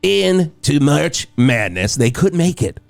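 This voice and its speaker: A goofy morning rock radio DJ with a gravelly edge and a bouncy, swooping delivery. He trades quips with his co-host and keeps plugging the station in a dry, close studio sound. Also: on the high side, sing-song, slow, no room sound, faint music behind, heavily acted. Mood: banter. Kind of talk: improvised comedy radio banter.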